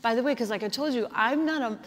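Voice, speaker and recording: A woman's voice: fairly high pitch, fast talker. A woman pastor preaching a sermon in an earnest, conversational way, often saying "like" and "kinda.". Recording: long hall reverb.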